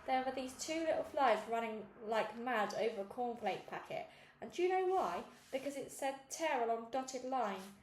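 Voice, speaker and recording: A woman's voice: fairly high pitch, expressive, moderate pace, echoey room, slight background noise, natural voice, rough recording. A woman reading aloud, voicing an eager young girl who tells jokes and pleads to be filmed.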